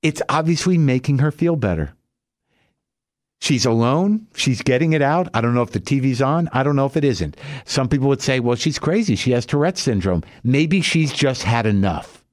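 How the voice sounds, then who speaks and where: A man hosting a podcast, telling a profane, ranting comic story in an animated way. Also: medium pitch, moderate pace, no echo, clean studio sound. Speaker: podcast host. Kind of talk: comic monologue.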